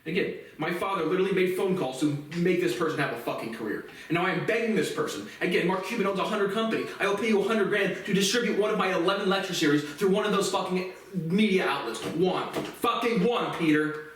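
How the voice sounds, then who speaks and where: A man's voice: high-pitched, fast, fairly bright tone. A man in a bitter, profane monologue rant, repeating himself as he goes. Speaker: vlogger. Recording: very echoey room, distant mic.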